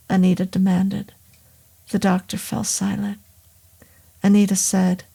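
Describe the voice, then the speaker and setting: A woman hosting and reading a horror story aloud in a slow, measured narration. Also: mid-range voice, completely flat delivery, vocal fry, warm tone, slightly rough. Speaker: audiobook narrator and host.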